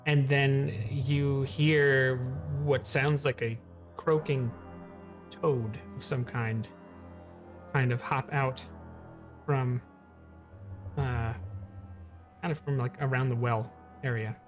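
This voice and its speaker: A man running a tabletop game as game master, playful and quick to laugh. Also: mid-range voice, fairly even intonation, soft background music. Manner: playful, joking, laughs a lot.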